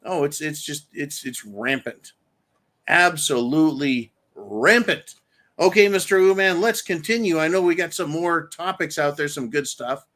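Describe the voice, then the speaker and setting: A man's voice: fairly high pitch, animated, unhurried, fairly bright tone. A man hosting a show, ranting angrily with profanity and reading out viewer comments. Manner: angry, profane, reads viewer comments aloud. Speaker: host.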